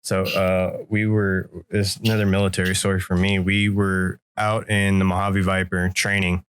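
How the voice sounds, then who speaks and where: A podcast co-host tells a story in a casual, animated way, acting out the voices of the people in it. His voice sits low and sounds clear and resonant, at a moderate pace, with no room sound behind him.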